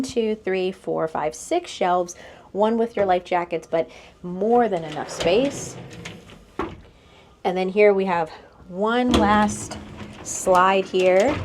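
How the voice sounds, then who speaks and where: A woman's voice: fairly low pitch, noisy background. A young American woman vlogger narrating a casual walkthrough of a cruise ship cabin, pointing things out and laughing lightly. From United States. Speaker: vlogger giving a room tour.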